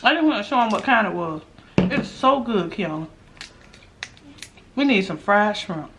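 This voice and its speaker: A woman's voice: medium pitch, lively intonation, a little slow, background noise. A woman hosting a mukbang video, chatting casually with her viewers between bites and laughing often. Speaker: mukbang host. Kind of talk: casual chat while eating.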